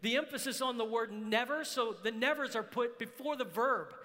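A man preaching a sermon as pastor, emphatic, rising to shouts on key phrases. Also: very high-pitched, normal speed. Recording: long hall reverb.

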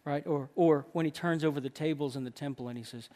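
A man's voice: a little high, fast, mellow. A man preaching a sermon to a group of men, emphatic and full of rhetorical questions.

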